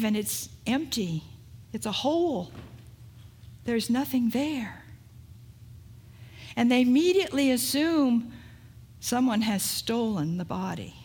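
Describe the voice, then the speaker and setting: A woman pastor preaching a sermon, retelling a story in an unhurried way and asking rhetorical questions. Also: on the high side, husky.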